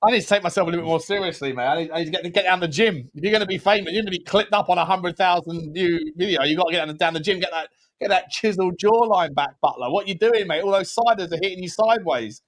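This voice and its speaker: A man hosting a casual live-stream chat, excitable and swearing freely. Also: high voice, fast talker. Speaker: show host.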